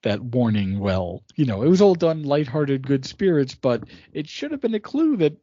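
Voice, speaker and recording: A man's voice: medium pitch, sing-song, moderate pace, warm tone, dry recording, dull audio. A man co-hosting a podcast in casual chat, talking emphatically and often stressing that he is sure. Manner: emphatic, fond of saying absolutely. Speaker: podcast co-host.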